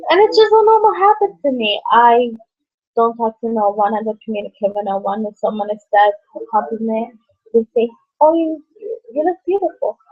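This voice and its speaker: A young woman vlogging about her life and her book in a halting, rambling way, full of fillers and restarts. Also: on the high side. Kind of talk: rambling personal vlog. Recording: dull lo-fi audio.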